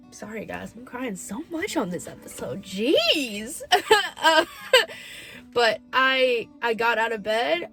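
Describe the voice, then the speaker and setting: A young woman hosting her own vlog, talking candidly and emotionally about her life, with lots of "like". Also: on the high side. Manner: emotional, candid, heavy use of "like". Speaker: podcast host. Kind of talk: personal confessional vlog.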